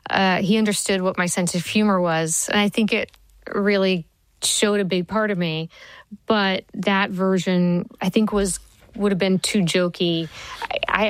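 Lively, lower-voiced woman storyteller. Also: clean tone, no room sound, low-quality recording. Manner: lively storyteller, laughs easily. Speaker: TV writer and showrunner, interview guest. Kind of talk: conversational interview answers.

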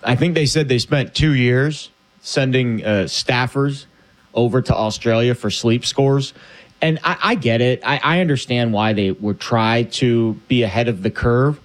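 A man's voice: mid-range voice, normal speed. Easygoing rambling man talking sports. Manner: rambling, restarts sentences, easygoing. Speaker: sports talk co-host. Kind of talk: casual sports talk.

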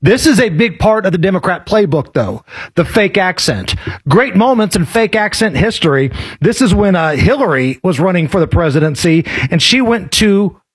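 Husky radio guy, high voice, all over the place pitch-wise, sarcastic political banter. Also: lively intonation, normal speed. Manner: sarcastic, does exaggerated impressions. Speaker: talk radio co-host.

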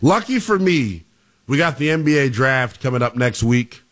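A man hosting a sports talk radio show, excitable and emphatic as he talks to callers. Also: mid-range voice, moderate pace.

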